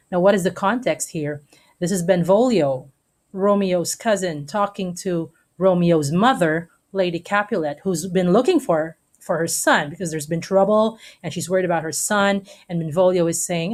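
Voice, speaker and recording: In this recorded online class, a woman teaches her students one step at a time, pausing often for a brief "okay?". She speaks with a lowish voice and a darkish tone.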